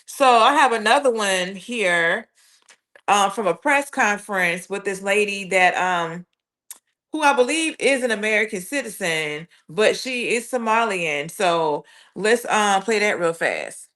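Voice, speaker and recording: A woman's voice: medium pitch, lively intonation, measured pace, a bit bright. A woman hosting a casual live reaction stream, chatting loosely and reading viewer comments aloud. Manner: chatty, addresses chat as y'all, reads usernames aloud. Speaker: livestream host.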